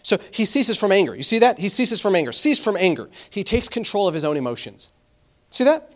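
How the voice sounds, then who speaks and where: A man preaching a sermon, animated, reading scripture aloud slowly and often repeating himself. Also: high-pitched. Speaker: pastor.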